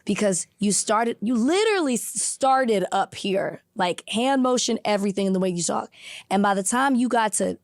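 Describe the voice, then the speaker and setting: A woman co-hosting a podcast, animated and affirming, jumping in with quick interjections. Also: mid-range voice, no echo, clean studio sound. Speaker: podcast co-host. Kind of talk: casual podcast discussion.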